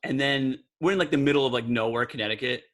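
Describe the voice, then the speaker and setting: A man's voice: medium pitch, quick pace, fairly bright tone. A man from New Jersey, co-hosting a podcast, telling a long rambling story full of "like" fillers. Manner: rambling, many "like" fillers, acts out quoted voices. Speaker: podcast co-host. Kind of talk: casual chat, storytelling.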